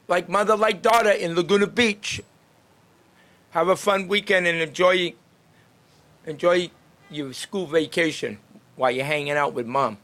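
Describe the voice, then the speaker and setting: An upbeat man with a slightly high voice chats with people passing by on a town street. He talks freely, laughing often, as a street greeter and podcast host. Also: fairly bright tone. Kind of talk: casual chat with passersby.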